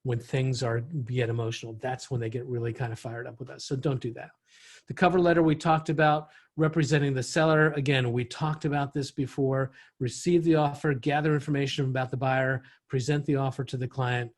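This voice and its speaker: A man's voice: mid-range voice, steady tone, normal speed, darkish tone. A middle-aged man leading an online real estate training session, talking in a conversational way with frequent restarts.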